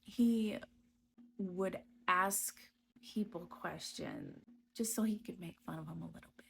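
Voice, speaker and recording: A woman giving a personal testimony about her past, speaking slowly and hesitantly with frequent pauses and restarts. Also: lowish voice, gravelly, a bit bright, a little hiss or hum. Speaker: storyteller recounting her past.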